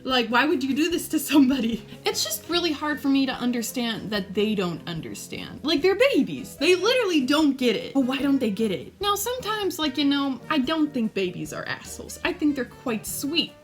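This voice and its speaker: A young woman ranting casually to camera in a rambling, chatty way, full of fillers, now and then jumping into high playful voices. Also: moderate pace, few pauses, soft background music. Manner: animated, jumps into high playful voices when quoting. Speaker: vlogger and daycare worker.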